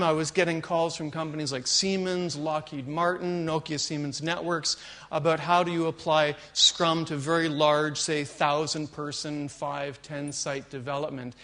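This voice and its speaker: A man giving a conference keynote as an agile consultant, telling an opening joke and then explaining his background with frequent fillers. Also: on the high side. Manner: animated storyteller, jokes and fillers.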